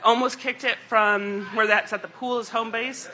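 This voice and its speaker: Bright-voiced team player recapping a game. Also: mid-range voice, steady tone, moderate pace, rough recording. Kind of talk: casual chat.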